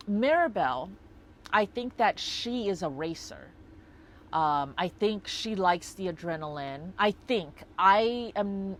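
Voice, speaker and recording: A woman talking through a personal story in a casual vlog, reflective and rambling with lots of fillers. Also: fairly low pitch. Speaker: vlogger.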